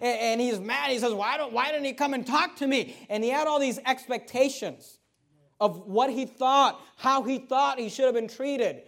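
High-voiced animated preaching man. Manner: animated preaching, swings loud and soft. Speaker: pastor. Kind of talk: sermon.

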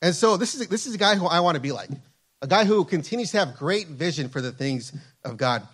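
Fervent male preacher, higher-pitched. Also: expressive, brisk, a bit bright, husky. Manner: fervent preaching, repeats phrases, reads scripture aloud. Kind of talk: sermon.

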